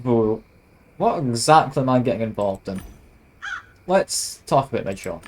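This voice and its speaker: A man's voice: medium pitch, expressive, moderate pace, a little mellow, poor audio. A man streaming a video game, reading the on-screen text aloud and adding wry, self-mocking asides. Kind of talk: casual let's-play narration, reading game text aloud.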